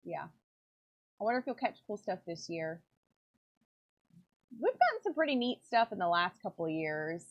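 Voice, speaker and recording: A woman's voice: on the low side, very animated, normal speed, long pauses. A woman rambling casually with plenty of fillers while she works in her pen workshop. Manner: rambling, chatty, many fillers. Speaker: pen maker and channel host. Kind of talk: casual chat while working. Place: home workshop. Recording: dull lo-fi sound.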